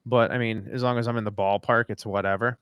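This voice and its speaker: A man's voice: lowish voice, fairly even intonation, quick pace, clean tone, no echo, muffled recording. A man co-hosting a live podcast, chatting loosely and rambling, swearing casually. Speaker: podcast co-host. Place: at home after dinner.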